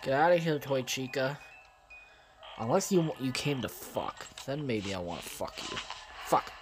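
A man giving profane, excitable let's play commentary and talking straight to his viewers. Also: mid-range voice, a little slow, noisy background. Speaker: gaming channel host.

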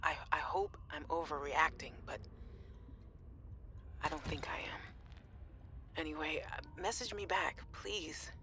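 A woman voicing a young scientist in a video game who records worried messages to her sister, halting and often sinking to a near whisper. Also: deep voice, pushed and bright, slight background noise, full character voice. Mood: fearful. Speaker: game character.

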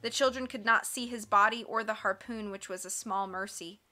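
A woman reading a book aloud as scripted narration, expressive and measured. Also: mid-range voice. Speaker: audiobook reader.

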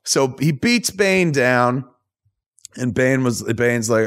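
A man hosting a podcast, recapping a film in a loose, profane, animated storytelling way. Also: medium pitch, slow. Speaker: podcast host. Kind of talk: casual movie recap chat.

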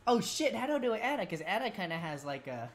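A woman's voice: fairly low pitch, very animated, quick pace. A woman casually commentating a game playthrough, rambling and swearing with many fillers. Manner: rambling, profane, full of fillers. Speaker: gaming streamer.

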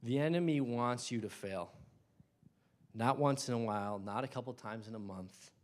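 Casual young guy preaching in church, fired up, goes loud then drops quiet. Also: medium pitch, normal speed. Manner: impassioned, swings between loud bursts and hushed asides. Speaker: lay preacher. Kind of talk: sermon.

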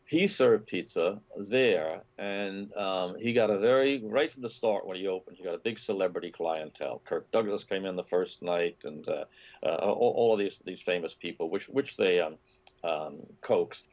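Low-voiced man telling food stories. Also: moderate pace. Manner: animated storytelling with many fillers and restarts. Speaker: food writer guest. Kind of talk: interview conversation. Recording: dull lo-fi audio.

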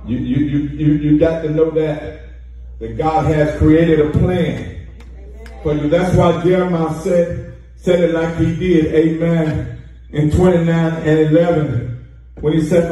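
A man's voice: a little high, level tone, unhurried, dark tone. A man preaching a sermon to a congregation, joking and sliding into a chanted, sing-song cadence. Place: church sanctuary. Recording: echoey church hall from far off with music.

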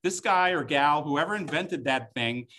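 A man's voice: on the high side, expressive, a little slow, sharp tone. A middle-aged man hosting a live-streamed wine tasting class, chatty and joking as he walks viewers through each wine. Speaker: wine tasting host and instructor.

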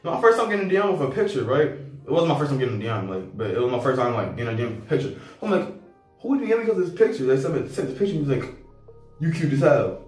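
A young man telling a casual storytime, slangy and animated, acting out both sides of the conversation. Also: mid-range voice, rapid-fire. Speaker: vlogger. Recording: echoey room heard from a distance, faint music.

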